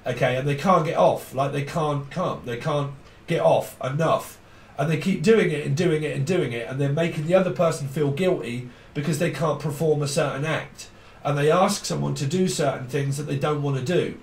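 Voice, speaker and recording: A man's voice: a little high, normal speed. A man giving a rambling tarot reading, blunt and swearing casually as he goes. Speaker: tarot reader. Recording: echoey room, mic at a distance.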